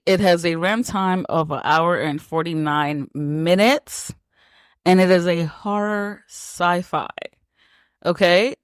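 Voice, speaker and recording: A woman's voice: fairly low pitch, smooth, no echo. A woman hosting a casual podcast, teasing her co-host and laughing often. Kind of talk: casual chat.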